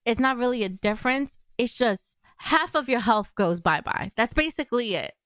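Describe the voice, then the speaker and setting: A woman's voice: fairly high pitch, expressive, normal speed, a bit bright, clear, resonant tone, dry recording, studio quality. A young woman hosting a casual interview, upbeat and teasing. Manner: upbeat, teasing, laughs often. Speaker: host.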